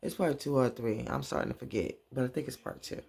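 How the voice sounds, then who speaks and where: A man's voice: mid-range voice, fast talker, creaky, a little mellow, breathy edge. A man casually recapping a TV episode, rambling along with many fillers and restarts. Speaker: TV recap vlogger.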